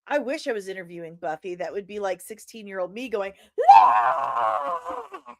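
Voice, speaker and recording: A sniffly woman with a lingering cough hosting a casual live stream. She greets viewers with loud, sing-song shouts and chats in a playful, teasing way. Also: mid-range voice, fast. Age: adult, old enough to remember films from forty years ago. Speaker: host of a daily pop-culture live show.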